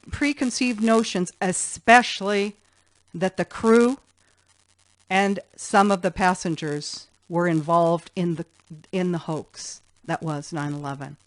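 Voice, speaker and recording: A woman's voice: medium pitch, dry recording. A woman, a former flight attendant, giving an emphatic, rambling and insistent monologue.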